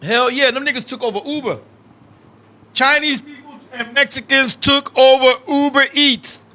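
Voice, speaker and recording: A man telling wild stories on a casual podcast, animated and profane, now and then bursting into shouts. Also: extremely high pitch, moderate pace. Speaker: guest, independent wrestler.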